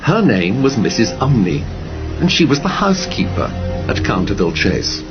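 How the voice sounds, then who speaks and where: A man narrating an audiobook story in a measured storytelling manner. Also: mid-range voice, big pitch swings. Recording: dull lo-fi audio with faint music.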